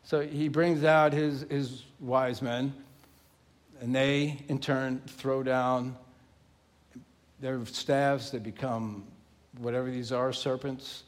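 A male pastor preaching a sermon, emphatic and animated, acting out the story as he goes. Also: medium pitch, takes it slowly.

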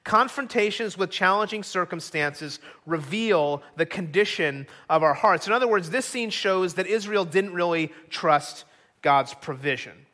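A man's voice: sits high, animated, measured pace, sharp tone. A middle-aged man preaching a sermon as pastor, earnest and acting out quoted voices.

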